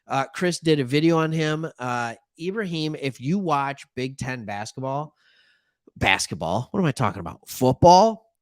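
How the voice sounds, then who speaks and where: A man from Michigan hosts a sports talk show at a normal speed, chatting casually and animatedly, tossing in joking asides and playing imagined callers. His mid-range voice is captured cleanly in the studio with no room sound.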